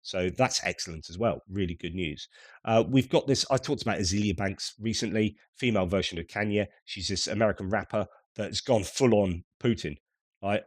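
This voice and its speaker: A man's voice: on the low side, moderate pace, no room sound, studio quality. A middle-aged man from the United Kingdom giving casual news commentary in a conversational way, with wry asides.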